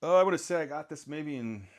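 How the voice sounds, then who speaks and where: A middle-aged man rambling casually through a photography gear vlog, joking at his own expense and often clearing his throat. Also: fairly high pitch. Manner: rambling, self-mocking, frequent throat clearing. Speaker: sports photographer.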